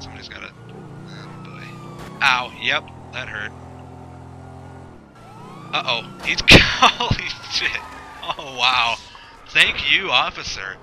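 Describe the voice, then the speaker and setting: A man rambles through sarcastic commentary on his own gameplay, swearing and talking to himself. His voice is very bright and swings widely in pitch. A faint hiss runs behind him. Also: low-quality recording. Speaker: gameplay video host.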